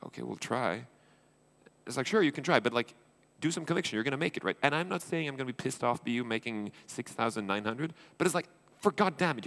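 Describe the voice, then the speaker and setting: Fast-talking Swedish man on stage. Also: mid-range voice, creaky, fairly bright tone. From Sweden. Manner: fast, informal, acts out dialogues with quick swearing asides. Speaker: conference speaker, entrepreneur and investor. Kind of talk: conference keynote talk. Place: conference stage.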